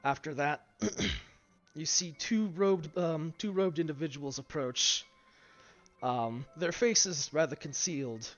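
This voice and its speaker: Halting man game master, high voice. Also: fairly bright tone. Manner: halting narration with many fillers and restarts. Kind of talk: narrating a tabletop game. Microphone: streaming mic. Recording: dull lo-fi stream, faint music.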